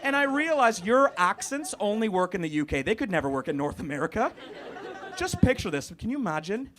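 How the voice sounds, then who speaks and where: High-voiced stand-up comic. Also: male voice, fairly quick. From Canada. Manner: animated, swearing, laughing with the crowd. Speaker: stand-up comedian. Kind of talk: stand-up comedy. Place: comedy club. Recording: live club recording with background noise.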